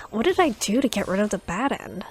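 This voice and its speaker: A woman's voice: mid-range voice, big pitch swings, a little fast, breathy edge, soft background music. A woman streaming a story game, chatting curiously and reading the text aloud. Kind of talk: playthrough commentary and reading aloud.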